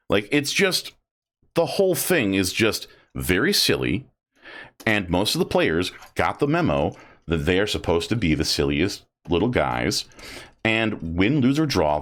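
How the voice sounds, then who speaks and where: Guy streaming and rambling on, lowish voice but swings all over the place, goes squeaky for the silly bits. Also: a bit bright. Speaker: streamer building model kits. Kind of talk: casual livestream chat.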